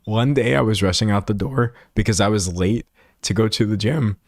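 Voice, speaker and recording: Lively young man chatting with comments. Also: on the low side, moderate pace, dry recording, clean studio sound. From Texas. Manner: animated, mock-dramatic voices for quoted comments. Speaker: streamer. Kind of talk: casual chat reading live comments. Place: home room with a set backdrop.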